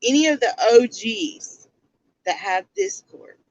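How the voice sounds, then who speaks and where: A woman's voice: fairly high pitch, lively intonation, takes it slowly, no room sound, highs cut off. A woman giving casual livestream commentary, blunt and throwing rhetorical questions at her viewers.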